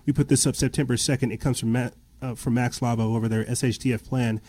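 A man's voice: medium pitch, steady tone, quick pace, mellow. Agitated man ranting. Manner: agitated, repeats himself, voice rises when indignant. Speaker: podcast host. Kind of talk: impassioned commentary and reading news aloud.

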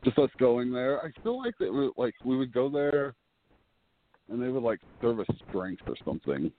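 A man's voice: mid-range voice, big pitch swings, moderate pace. A man co-hosting a podcast in casual chat, laughing often and leaning hard on "like". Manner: laughing, filler-heavy, says "like" a lot. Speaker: podcast co-host. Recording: tinny phone-like line.

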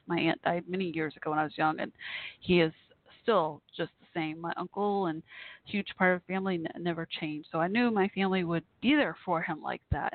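A woman hosting a call-in talk show, speaking haltingly through tears with many fillers and restarts. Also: lowish voice, no room sound. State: near tears. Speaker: host. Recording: tinny phone-line audio.

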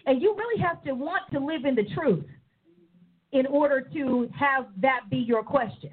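High-voiced lady preaching, animated, doing little voices, sounds like it's coming through a phone. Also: normal speed, phone-quality sound. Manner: animated, mimics people in voices. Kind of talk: sermon.

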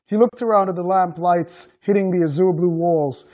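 A male author reading aloud from his novel with measured storytelling. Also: high-pitched, darkish tone. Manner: measured storytelling with acted dialogue.

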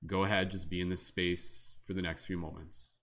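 A man with a deep, low voice leads a guided meditation on a livestream. He speaks slowly and soothingly, in a gentle guiding tone. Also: flat delivery. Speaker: meditation leader and show host.

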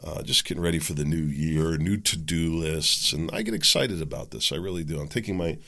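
A man's voice: rumbling low, lively intonation, fairly quick, gravelly, sharp tone. A middle-aged man hosting his own podcast, talking casually and frankly with lots of ums and asides. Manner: rambling, chatty, frank, with frequent ums and self-corrections. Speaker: podcast host. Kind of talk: casual solo podcast monologue.

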